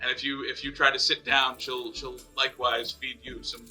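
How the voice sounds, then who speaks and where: A man narrating as game master of a tabletop game, animated and often restarting phrases, with faint music behind. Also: mid-range voice, normal speed, low-quality recording.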